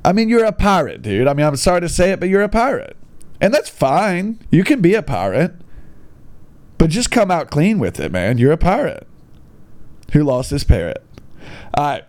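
A man's voice: a little high, sing-song, moderate pace, long pauses, darkish tone, no echo. A young man giving casual comedic commentary as he reads classified ads aloud, sarcastic and incredulous. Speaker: online video host reading classified ads.

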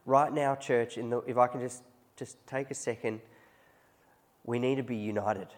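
A man's voice: medium pitch, steady tone, moderate pace. A man preaching a conversational sermon, often chuckling as he tells stories to his congregation. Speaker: pastor.

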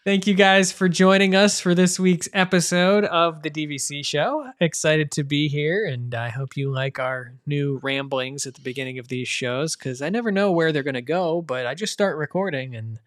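A man's voice: a little high, moderate pace, hardly any pauses, a bit bright. Rambling, laughing man hosting a podcast. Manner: rambling, laughs easily, mock-sings in a put-on accent. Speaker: podcast host. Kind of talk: casual group podcast chat.

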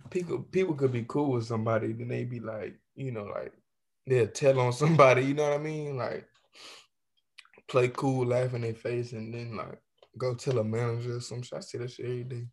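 A man's voice: medium pitch, fairly even intonation, a little fast. A man chatting casually with a friend, reacting with laughter and asking eager follow-up questions. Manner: laughing, curious listener. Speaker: friend in conversation. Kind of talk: casual chat.

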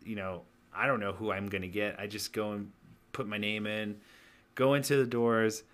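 A man's voice: lowish voice, steady tone, moderate pace, fairly bright tone. A man co-hosting a casual podcast, telling a story with laughs and restarts. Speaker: podcast co-host.

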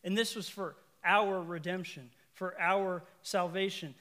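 Man preaching with a higher voice. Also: fairly even intonation, measured pace, fairly bright tone. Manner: conversational preaching, rising to emphatic repeated lines; asides to the congregation and self-corrections. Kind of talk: sermon.

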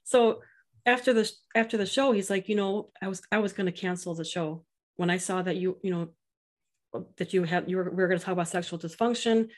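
A middle-aged woman talking earnestly as a podcast guest, telling stories and quoting others in an animated way. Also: medium pitch, brisk. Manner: earnest, animated storytelling with quoted voices. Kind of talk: casual interview chat.

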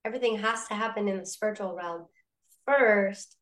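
A woman telling a personal faith story as a podcast guest, in a casual, animated way, acting out the voices of people in her story. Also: mid-range voice, normal speed.

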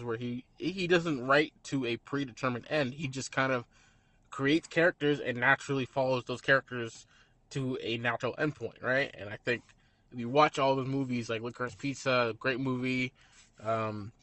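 A young man hosting a casual film-talk show, laughing often and swearing as he excitedly retells scenes. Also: medium pitch, no room sound. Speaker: podcast host.

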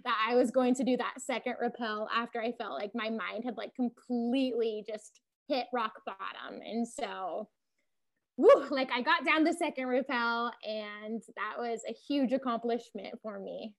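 A young woman tells a story in a relaxed conversation. Her voice sits a little high, and she talks in loose runs packed with "like", laughing here and there. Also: normal speed, hardly any pauses. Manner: chatty, lots of "like", laughs while telling. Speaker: podcast host telling her climbing story. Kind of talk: casual storytelling chat.

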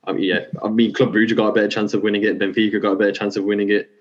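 A man's voice: fairly low pitch, level tone, very fast. Emphatic man, lo-fi sound. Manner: emphatic, says "man" and "do you know what I mean". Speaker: guest. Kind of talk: casual football chat.

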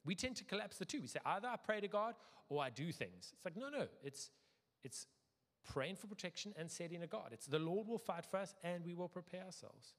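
A middle-aged man preaching a sermon as pastor, lively, acting out quoted voices with sudden jumps in pitch. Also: fairly quick. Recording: long hall reverb.

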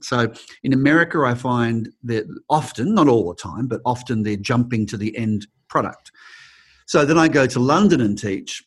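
A middle-aged Australian acting teacher with a husky, medium-pitched voice and an Australian accent answers interview questions at a moderate pace. He tells stories expressively, acting out the people he quotes and frequently starting over mid-sentence.

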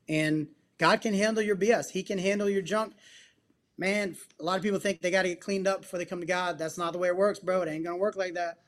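A man's voice: high-pitched, a bit bright. A man as a podcast guest, telling a personal testimony in an earnest, emphatic way and dropping casual slang as he goes. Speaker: podcast guest, psychotherapist and men's coach.

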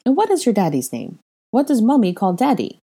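A woman reading a brisk young witch who talks in a firm, coaxing way. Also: a little high, wildly swooping pitch, warm tone, breathy edge, pitched above the performer's own voice, full character voice.

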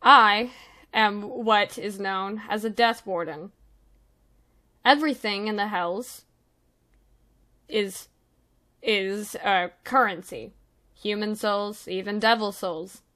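A woman voicing a calm, manipulative male devil, smooth and quiet. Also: medium pitch, slow, pauses often. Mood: smooth menace.

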